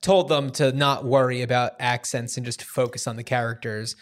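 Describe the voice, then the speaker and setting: An easygoing man co-hosting a casual film podcast, speaking at an ordinary middle pitch. He chats loosely, hedging his points with fillers as he talks them through. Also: moderate pace. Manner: relaxed, conversational, hedging with fillers. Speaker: podcast co-host.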